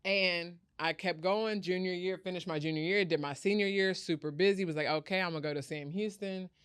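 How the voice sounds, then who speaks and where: A woman's voice: fairly low pitch, brisk, smooth, dry recording. A woman guest telling a personal story in an interview, acting out the people she quotes. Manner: animated storyteller, acts out quoted voices. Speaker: podcast guest, founder.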